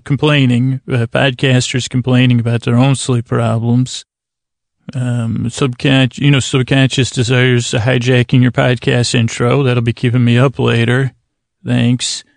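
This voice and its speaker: A man hosting a sleep podcast, giving a meandering, self-deprecating late-night intro in creaky, dulcet tones, speaking close and personally to the listener. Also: medium pitch, dry recording.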